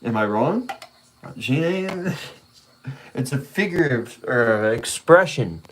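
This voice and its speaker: A man chatting casually on his own channel, mid-pitched and easygoing. He rambles through a story with frequent swearing, loose slang and small laughs. The delivery is unpolished and relaxed. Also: slow, slight background noise. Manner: laid-back rambling storytelling with profanity and laughter. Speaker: vlogger. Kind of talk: casual chat.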